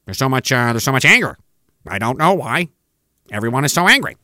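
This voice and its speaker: Guy parodying a smug rich politician, fake baffled, stammery, lively up and down. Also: medium pitch, a little fast, no echo, pitched below the performer's own voice. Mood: mock-puzzled. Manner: mock-baffled, stammering, condescending.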